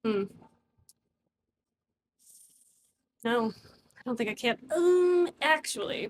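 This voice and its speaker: A woman's voice: fairly high pitch, expressive, measured pace, a little hiss or hum. A woman voicing a tipsy young nobleman in a tabletop game, a callous womanizer who talks in an offhand, drawling, dismissive way.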